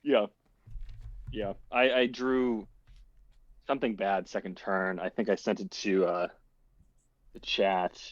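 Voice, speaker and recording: Male player, low register, hesitant self-critical post-game talk, dull dry call audio. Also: steady tone, slow, pauses often, dry recording.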